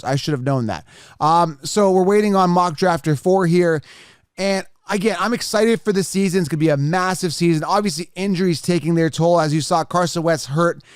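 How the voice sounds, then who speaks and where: A man hosting a podcast in a casual, energetic way, repeating plugs and talking the listener through each step. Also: a little high, clear, resonant tone, no echo, studio quality. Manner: energetic, repetitive, salesy. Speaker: podcast host. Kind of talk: casual podcast talk with ad reads. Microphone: studio microphone.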